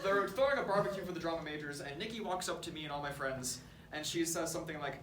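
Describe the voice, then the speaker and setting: A young man doing stand-up storytelling on stage, animated and self-mocking. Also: on the high side, fast talker, a crowd in the background. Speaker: stand-up comedian. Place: comedy stage before an audience. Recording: roomy stage, far mic, loud laughter. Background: audience laughter.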